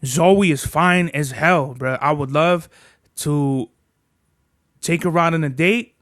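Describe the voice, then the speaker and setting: A man's voice: fairly high pitch, slow pace. A young man hosting a casual solo podcast, rambling and swearing, dropping slang like "bruh" between every thought. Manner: soft, cooing baby talk to his dog. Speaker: podcast host.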